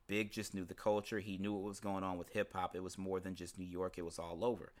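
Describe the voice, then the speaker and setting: A man with a very low, deep voice talks through an album track by track in a loose, conversational way. He swears freely and shifts into a quicker clip when he reads quotes aloud. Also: little pitch movement. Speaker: podcast host discussing an album. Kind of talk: casual commentary with read-out quotes.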